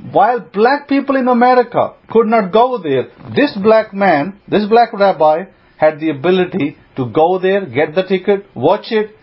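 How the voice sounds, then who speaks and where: A male rabbi telling a story in a sermon, acting out the quoted lines with animated delivery. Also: high voice, husky. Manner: animated retelling with voiced quotes, laughs now and then. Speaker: rabbi teaching a congregation. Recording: dull lo-fi sound with faint noise.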